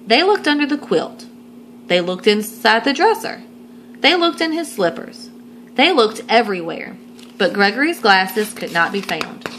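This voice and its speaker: A woman reading a children's picture book aloud, adding gentle asides for young listeners. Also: mid-range voice, big pitch swings, unhurried, a little hiss or hum, poor audio. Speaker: storytime reader.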